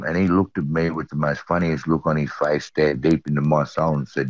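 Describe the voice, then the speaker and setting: A man's voice: rumbling low, flat delivery, fairly quick, hardly any pauses, no echo. A middle-aged Australian man, an eyewitness earnestly recounting a personal story and repeating phrases for emphasis. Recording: dull lo-fi audio.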